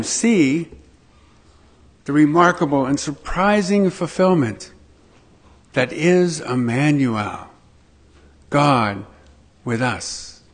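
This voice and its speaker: A man preaching a sermon to his congregation, slow and emphatic, with dramatic pauses. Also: on the high side, animated, breathy edge. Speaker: pastor.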